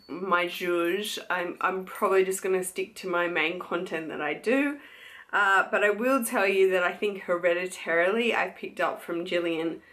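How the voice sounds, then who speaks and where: An Australian woman in her young adult years talks to her camera in a relaxed, unhurried way. She gushes over what she shows and leans on fillers, in a mid-range voice. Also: medium pitch. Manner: chatty, gushing, many fillers. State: pregnant. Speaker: beauty vlogger. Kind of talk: casual chat to camera.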